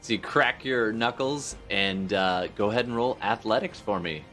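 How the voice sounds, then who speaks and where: Over soft background music, a man with a lowish voice runs a tabletop game as game master at a normal speed. He describes the action animatedly, setting vivid scenes and laughing often.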